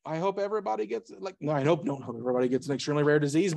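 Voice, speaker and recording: Male presenter, brisk and slightly high, casual and jokey, keeps restarting sentences. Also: creaky, darkish tone. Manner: rapid, self-interrupting, jokey asides. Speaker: conference speaker. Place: meetup presentation room.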